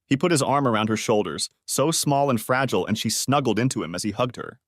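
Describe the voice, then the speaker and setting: A man narrating a family drama story in a steady, scripted storytelling voice. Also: medium pitch, quick pace, no echo, studio quality.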